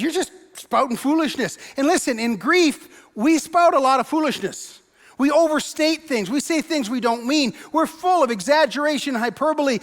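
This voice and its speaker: A pastor giving a sermon in a church, conversational and wry, with emphatic turns. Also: male voice, extremely high pitch, lively intonation, normal speed, a bit bright. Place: church sanctuary. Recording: long reverb of a large church hall.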